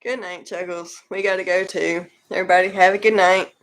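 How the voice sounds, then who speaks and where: A woman's voice: lowish voice, fairly even intonation, a little fast, a bit bright. A woman, laughing and playfully wrapping up a live stream as co-host. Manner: laughs a lot, playful, gravelly. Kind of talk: casual chat signing off a live stream.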